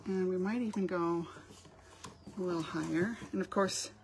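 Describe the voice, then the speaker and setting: A woman's voice: lowish voice, fairly even intonation, moderate pace, darkish tone, slight background noise. A middle-aged woman hosting a live art demo from her home studio, chatting casually, greeting viewers by name and laughing often.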